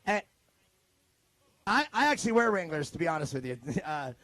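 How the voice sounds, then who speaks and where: A man's voice: on the high side, sing-song, normal speed, sharp tone, dry recording. A man from California announcing a live off-road race, joking and rambling in loose banter. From Modesto, California.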